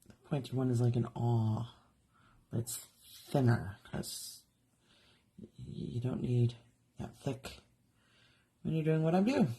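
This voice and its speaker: Low, mellow-voiced woman demonstrating crafts. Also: takes it slowly, long pauses, slightly rough. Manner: chatty, thinking aloud while working. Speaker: jewelry artist demonstrating live. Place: home art studio.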